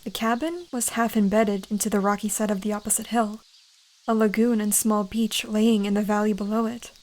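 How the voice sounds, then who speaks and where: A woman gently reading a second-person fantasy story aloud in a whispered role-play. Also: medium pitch, fairly even intonation, normal speed. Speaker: fanfiction reader.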